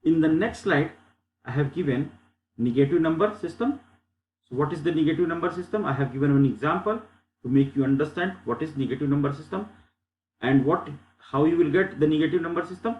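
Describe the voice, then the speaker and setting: A man's voice: a little high, fairly quick, roomy sound, dull audio. A man teaching a lecture over slides, explaining step by step and often repeating himself.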